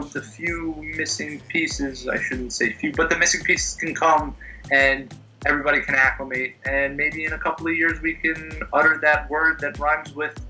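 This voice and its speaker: A man speaks as a guest on a sports podcast, in a very bright, sharp voice pitched a bit high. He talks in an animated, enthusiastic way with the odd joke. Faint music sits behind him. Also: rough recording. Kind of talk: casual podcast interview.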